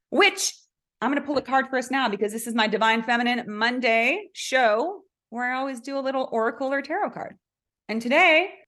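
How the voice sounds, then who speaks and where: A woman hosting a spiritual self-help show, talking casually and asking listeners questions. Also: mid-range voice. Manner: chatty, animated, asks listeners questions. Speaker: host. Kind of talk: casual spiritual coaching talk.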